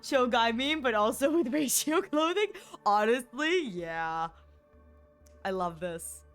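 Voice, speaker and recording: A woman streaming a game, chatting casually in a rambling, giggly way, full of "like" and restarts. Her voice sits a little high. Faint music plays underneath. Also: expressive, slow pace, clear, resonant tone. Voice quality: rambling and giggly, with lots of fillers. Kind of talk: casual chat while gaming.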